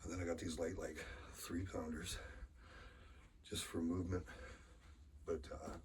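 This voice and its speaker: A man's voice: low voice, flat delivery, a little slow, darkish tone. A middle-aged man with a lingering cold, rambling casually and swearing during a home workout vlog. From Canada. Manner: rambling, chatty, swears casually, sighs between sets. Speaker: arm wrestler vlogger. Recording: far from the mic with faint ambient noise.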